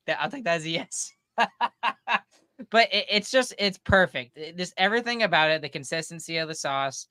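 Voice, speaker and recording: A male podcast co-host in casual chat, with a smooth, clear and bright voice. He laughs easily and stops to restart his sentences. The recording is close and dry. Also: on the high side, expressive, moderate pace, long pauses, no echo.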